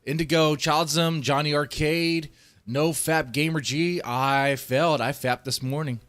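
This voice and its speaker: A man from Texas ranting on a livestream, profane and heated, swinging between loud outbursts and low muttering. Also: fairly even intonation, measured pace. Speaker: streamer. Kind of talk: livestream rant.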